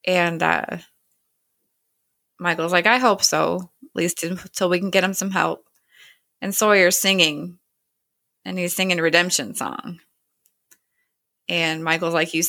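A woman's voice: lowish voice, vocal fry, bright, forceful tone, no room sound, clean studio sound. Woman casually recapping a TV episode. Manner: retells scenes in quick paraphrase, lightly voicing characters. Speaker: podcast host recapping a TV episode.

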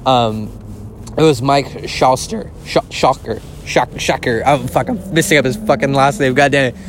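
Man, podcast host, casual rambling recap, lots of swearing, gushing, medium pitch, faint vehicle rumble behind. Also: moderate pace. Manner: rambling and profane, heavy use of filler words; excitable, gushing.

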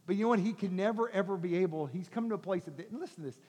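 High-voiced man preaching in a reverberant hall. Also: very fast, slightly rough. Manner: animated preaching, acts out quoted voices with shouts and soft coaxing. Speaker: pastor. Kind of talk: sermon.

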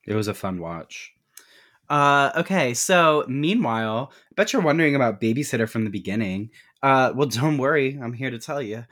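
A man in his twenties casually recapping a movie on a podcast, swearing freely and acting out the characters' lines in quick put-on voices. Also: mid-range voice, expressive, a bit bright. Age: 20s. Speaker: podcast co-host.

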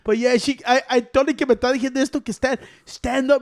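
Profane, excitable co-host; high-pitched man mixing English and Spanish slang. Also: fast talker, few pauses. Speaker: podcast co-host. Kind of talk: casual chat.

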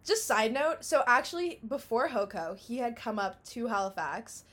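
A woman's voice: a little high, animated, normal speed, a bit bright. A young woman from Canada co-hosting a casual podcast. She talks in a chatty, self-mocking way and often laughs at herself. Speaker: podcast co-host. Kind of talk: casual chat.

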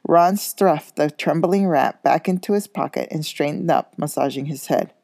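A woman reads a children's novel aloud at a steady pace. Her voice is very low, dark and gravelly. She sometimes trips on a word and corrects herself, and the sound is dry and close. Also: moderate pace, no echo. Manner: steady reading with small slips and corrections. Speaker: school coach reading aloud.

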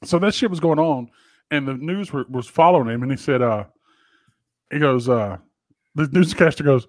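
A man's voice: medium pitch, moderate pace, pauses often, dry recording. A man in casual chat, telling stories with lots of cursing and jokes. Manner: profane, joking storyteller.

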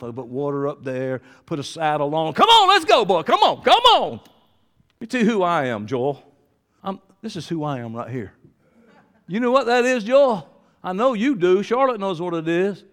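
An older man preaching a sermon, telling stories and swinging from low asides to loud shouts. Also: smooth. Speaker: pastor. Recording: long hall reverb.

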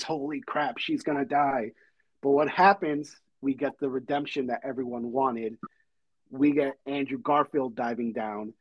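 A husky-voiced man talks through a movie's big moments with eager, rambling enthusiasm. His voice sits at an ordinary pitch and sounds slightly rough. The recording is close and dry. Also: dry recording, poor audio. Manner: excited retelling with many fillers. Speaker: podcast host. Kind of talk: casual movie recap chat.

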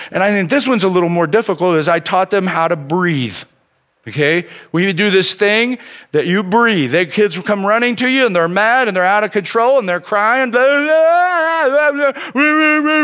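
A middle-aged man, a pastor, giving a sermon as animated storytelling, often dropping "man" into his sentences. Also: high-pitched.

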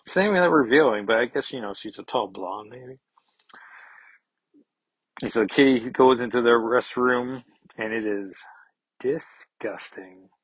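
A man rambles through a casual comic book review, full of fillers and joking asides. His voice is husky and recorded dry, close to the mic with no room echo. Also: medium pitch, a little slow, long pauses.

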